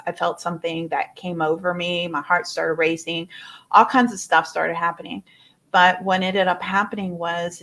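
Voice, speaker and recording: A woman, a personal development coach, telling a personal story to an audience in an expressive way, full of fillers and repeated words. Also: lowish voice.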